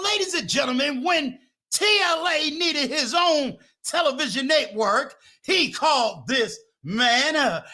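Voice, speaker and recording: Shouting high-voiced male show host. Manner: loud, shouting hype announcer style. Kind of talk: hyped show intro then casual interview.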